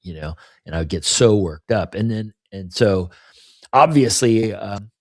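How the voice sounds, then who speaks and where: A man's voice: lowish voice, lively intonation, measured pace, no echo, studio quality. A middle-aged man talking candidly and at length in a casual podcast conversation, often adding "you know" and "right?". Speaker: podcast co-host.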